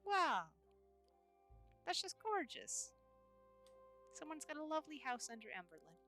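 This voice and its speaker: Woman streamer roleplaying in a game, kinda high voice, swoops all over, scattered and rambly, music low behind. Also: very animated, measured pace, bright, forceful tone. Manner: scattered, rambling, talks to chat. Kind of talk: in-character roleplay chat while gaming. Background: faint background music.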